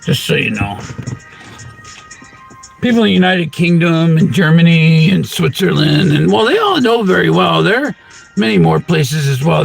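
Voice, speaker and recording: A man with an intensely gravelly, fry-laden voice hosts his own channel, his pitch leaping about as he rambles through a spiritual monologue. He strings together rhymes and wordplay and breaks into sudden loud bursts. Faint music plays underneath, and his voice sits a little higher than most men's. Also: very animated, moderate pace. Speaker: channel host.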